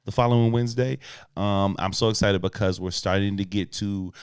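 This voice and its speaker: A man's voice: on the low side, steady tone, fairly quick, clean tone, dry recording, studio quality. A man co-hosting a podcast live, chatting casually and playfully with viewers. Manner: playful, laughs often, addresses viewers as y'all. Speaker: podcast co-host. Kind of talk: casual live-stream chat.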